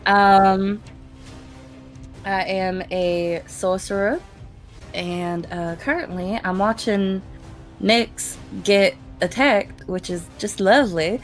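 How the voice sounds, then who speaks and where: A woman's voice: medium pitch, steady tone, takes it slowly, faint music behind. A woman player in a tabletop game, sick with a cold, chatting casually with many ums and uhs. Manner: chatty and filler-heavy. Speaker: player and streamer.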